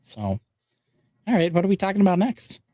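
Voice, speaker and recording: A man hosting a podcast, explaining a build in a halting way with many fillers. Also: sits high, sing-song, dark tone, no room sound. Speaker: podcast host. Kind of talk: casual show-and-tell chat.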